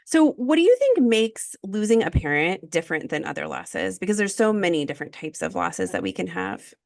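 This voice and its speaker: A woman's voice: mid-range voice, wildly swooping pitch, brisk, gravelly, darkish tone, no room sound, clean studio sound. A woman hosting a podcast, talking openly and personally in casual conversation. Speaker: podcast host.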